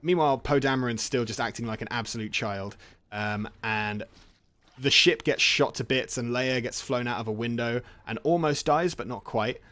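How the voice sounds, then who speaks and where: A man rambles through a casual plot recap while he plays a game. He jokes, restarts and laughs often. His voice sits at an ordinary middle pitch. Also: moderate pace, bright, forceful tone. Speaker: gaming channel host.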